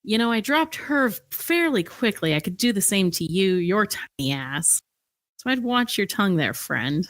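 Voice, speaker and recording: A woman's voice: medium pitch, very animated, normal speed, a bit bright, dry recording. Woman doing a sneering, menacing captain. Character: scheming hostile male ship captain.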